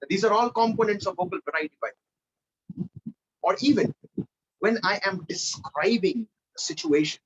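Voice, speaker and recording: A man leading a live online public speaking training, energetic and animated, swinging between loud and soft for emphasis. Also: high voice, dull audio, slight background noise.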